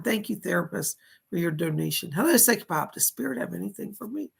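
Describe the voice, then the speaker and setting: A man hosting live psychic readings. He relays spirit messages with a steady "he said", and he reads viewer donations aloud and thanks each viewer. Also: high-pitched, brisk, creaky, breathy edge. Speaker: psychic medium host.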